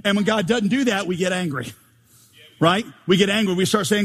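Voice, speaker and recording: A man preaching a sermon as pastor, animated and joking, firing rhetorical questions at the congregation. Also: high voice, brisk. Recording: long hall reverb.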